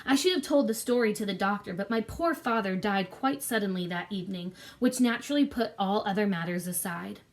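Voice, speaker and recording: A woman's voice: mid-range voice, fairly quick, few pauses. Woman reading a storybook aloud. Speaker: narrator.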